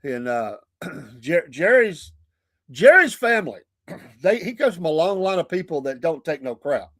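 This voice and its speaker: A man's voice: on the high side, sing-song, moderate pace, a bit bright, dry recording, clean studio sound. A man with a Southern US accent hosting a morning talk show, chatting casually and laughing often between remarks. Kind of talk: casual chat.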